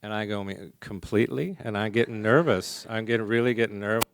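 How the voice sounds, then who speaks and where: A soft-spoken man from the American Midwest telling a wry personal story to a conference audience. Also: lowish voice, little pitch movement, fast, background noise. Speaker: recovery meeting speaker. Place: conference hall before a live audience.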